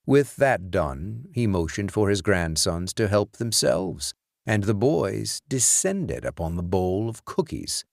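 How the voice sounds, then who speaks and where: A man narrating a horror audiobook in a slow, deliberate storytelling manner. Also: fairly low pitch, big pitch swings, vocal fry, no echo, studio quality.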